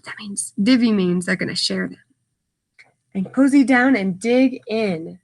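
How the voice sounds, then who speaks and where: A woman reading a picture book aloud to children, stopping to explain words in simple terms and adding lively asides and sound effects. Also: mid-range voice, unhurried, gravelly.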